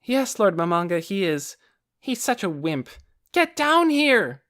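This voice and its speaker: Man voicing a loud, bossy young dark elf girl. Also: high voice, lively intonation, moderate pace, pitched above the performer's own voice. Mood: scolding. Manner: brash, shouting, scolding. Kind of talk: audiobook character voice.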